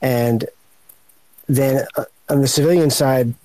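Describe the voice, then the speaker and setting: A man on a podcast explaining government research agencies hesitantly, with many pauses and fillers. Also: medium pitch, steady tone, warm tone, no echo, rough recording. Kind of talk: casual explanation.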